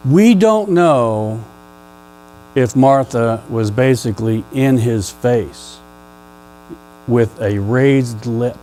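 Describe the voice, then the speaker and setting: A male pastor preaching a sermon in a church, conversational and playful with the congregation, rising to loud emphatic questions. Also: medium pitch, expressive, slow pace, a little hiss or hum, low-quality recording. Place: church sanctuary.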